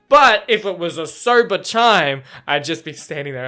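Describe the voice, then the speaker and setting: A man's voice: a little high, expressive, moderate pace, few pauses, bright, forceful tone, smooth, soft background music. A man chatting casually in a reaction vlog about a book chapter, rambling with lots of fillers, restarts and swearing.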